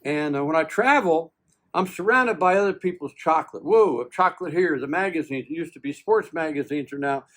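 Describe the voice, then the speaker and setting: Give me a man in his seventies, an animated storyteller with a slightly high voice, full of little asides. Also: brisk. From United States. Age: 70s. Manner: animated, folksy, acts out both sides of conversations; self-deprecating humor, frequent "uh" and restarts. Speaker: guest, Marine veteran. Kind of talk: casual storytelling interview.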